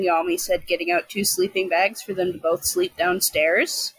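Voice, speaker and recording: A woman reading a fanfic aloud and riffing on it with friends, laughing often and reacting with loud disbelief. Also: fairly low pitch, moderate pace, hardly any pauses, slightly rough, no room sound, rough recording. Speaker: fanfic riff reader.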